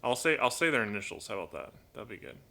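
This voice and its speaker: A man hosting a casual live stream from home, chatting in a rambling way, reading viewer comments aloud and talking softly to his pet bird. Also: lowish voice, sing-song, fast talker, vocal fry. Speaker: live-stream host and toucan owner. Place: at home indoors.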